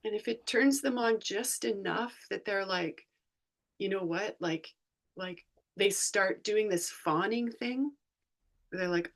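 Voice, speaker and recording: Woman, unhurried reflective talker, mid pitch, video call. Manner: slow, thoughtful, searching for words. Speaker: joy research facilitator. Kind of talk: reflective conversation.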